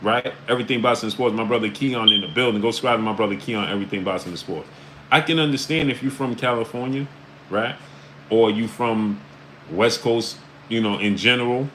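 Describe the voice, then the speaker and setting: Bright-voiced man chatting on a livestream. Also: fairly low pitch, brisk, a little hiss or hum, rough recording. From New York area. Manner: repeats "right?" and "uh" often, shouting out chat names. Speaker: livestream host. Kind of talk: casual live-stream commentary. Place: New York.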